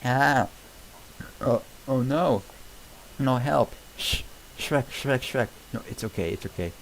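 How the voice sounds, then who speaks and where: A man voicing a chatty, excitable talking male donkey in an amateur script reading. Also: mid-range voice, a little hiss or hum, close to an everyday voice, low-quality recording. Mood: panicked. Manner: fast, jittery and overexcited.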